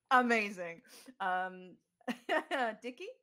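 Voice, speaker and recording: A woman's voice: fairly high pitch, a bit bright. A woman game master narrating an online tabletop game in a loose, descriptive way, thinking aloud as she goes.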